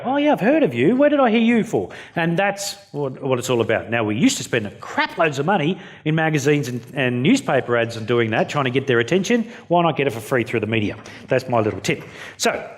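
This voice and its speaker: An Australian man telling stories from the stage in a keynote talk. His voice sits at a middle pitch, and his delivery is blunt and jokey, with plenty of loose asides. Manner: jokey, blunt, story-driven. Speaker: keynote speaker. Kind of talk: storytelling keynote speech.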